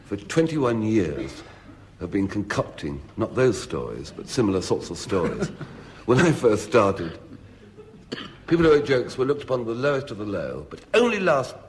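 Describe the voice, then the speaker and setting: A man on an archival radio comedy panel, delivering a humorous talk on jokes in a lively anecdotal storytelling style. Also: on the low side, normal speed, slight background noise. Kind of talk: humorous lecture with told jokes. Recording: archival broadcast recording.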